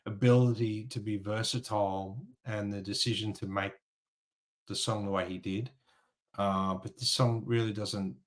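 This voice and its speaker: A man co-hosting a casual album review chat, frank and a little hesitant. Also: fairly low pitch. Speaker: co-host.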